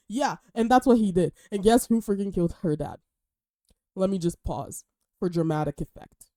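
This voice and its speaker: A young woman chatting casually and excitedly while reviewing books she has read. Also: mid-range voice, fairly quick, no echo, studio quality. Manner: gushing, chatty, animated. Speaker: book vlogger and podcast host. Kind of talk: casual book review chat.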